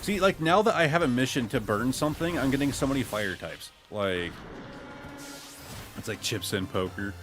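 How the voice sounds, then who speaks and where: A man's voice: moderate pace, over music. A man from Ohio streaming a game, chatting casually with a voice that jumps up and down and bursts out when things go his way. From Ohio, USA. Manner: lively pitch that jumps up and down, excitable outbursts. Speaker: gaming streamer. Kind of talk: casual gameplay commentary.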